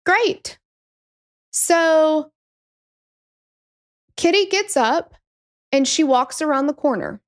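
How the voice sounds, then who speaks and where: Chatty high-voiced woman telling a story. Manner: chatty and digressive, swears, acts out quotes. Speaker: true crime podcast host. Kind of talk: casual storytelling chat.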